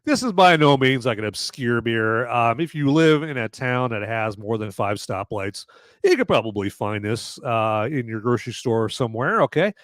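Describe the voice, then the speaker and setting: A man's voice: medium pitch, moderate pace, no echo. A man hosting a podcast, reviewing a beer in a rambling, casual way and often checking in with "okay?". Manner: rambling and animated, often tagging lines with "okay?". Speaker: podcast host.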